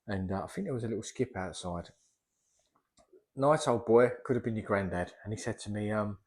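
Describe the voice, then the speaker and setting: A man's voice: fairly low pitch, a little fast, a little mellow. A middle-aged man, a plasterer chatting casually in a vlog as he works and rambling off topic. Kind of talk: casual vlog talk while working.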